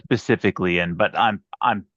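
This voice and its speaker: A man's voice: low voice, a little fast, a bit bright, no echo. A man playing a tabletop game, hesitant and repeating his words. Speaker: player. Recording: dull dry lo-fi mic.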